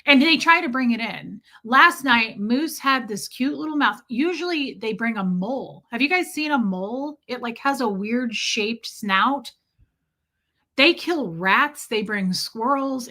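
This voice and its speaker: A woman's voice: fairly high pitch, expressive, a little slow, pushed and bright. A woman hosting a casual livestream from her rural home, chatting with viewers, thanking them by name and swearing freely. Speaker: livestream host.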